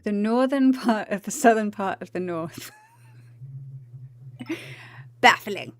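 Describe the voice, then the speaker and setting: Slow-talking woman streamer. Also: mid-range voice, a little mellow. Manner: chatty and giggly, greeting viewers. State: tired after the gym. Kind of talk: casual livestream chat.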